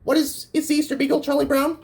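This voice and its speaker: A man voicing an eager woman game show contestant in a high falsetto, answering quickly. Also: monotone, gravelly, darkish tone.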